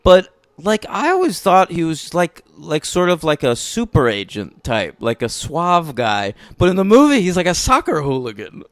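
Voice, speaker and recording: A man co-hosting a casual film podcast, crude and joking. His voice sits a little high and moves a lot in pitch. It is recorded close and dry. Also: wildly swooping pitch, normal speed, few pauses, no echo. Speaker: podcast co-host. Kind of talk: casual film review chat.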